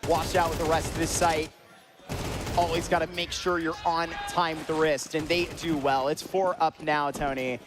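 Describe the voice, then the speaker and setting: A man's voice: on the high side, background noise. A man casting an esports match live, chatty and joking with his co-caster at an event venue. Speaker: esports commentator. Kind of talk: live game commentary.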